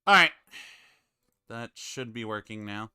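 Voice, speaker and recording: Bright, crisp-voiced man hosting a casual stream. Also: fairly low pitch, lively intonation, unhurried, no echo, clean studio sound. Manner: fiddling with stream setup, muttering to himself. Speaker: stream host. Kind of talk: casual stream chat with friends.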